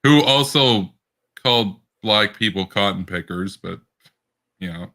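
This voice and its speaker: A man's voice: fairly low pitch, a little slow, bright, forceful tone. A man co-hosting a casual political podcast, rambling with many restarts and bursts of laughter. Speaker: podcast co-host.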